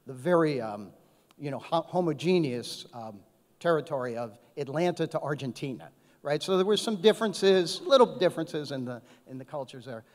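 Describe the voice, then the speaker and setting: A man's voice: a little high, animated, normal speed. Chatty man on a conference panel. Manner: anecdotal, conversational with many "right?" tags. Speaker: panelist, HR executive. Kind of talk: panel discussion. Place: conference hall. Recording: echoey conference hall.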